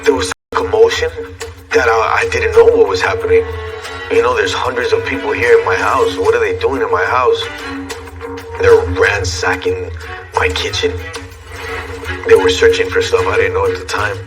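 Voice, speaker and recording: A man giving a reflective, measured documentary interview recollection. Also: on the low side. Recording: distant mic with music underscore.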